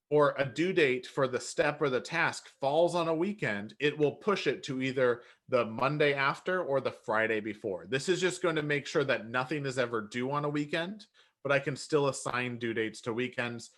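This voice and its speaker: A man explaining step by step how to build a workflow in software, relaxed and often correcting himself. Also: medium pitch, moderate pace. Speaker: software trainer. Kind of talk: screen-share software tutorial.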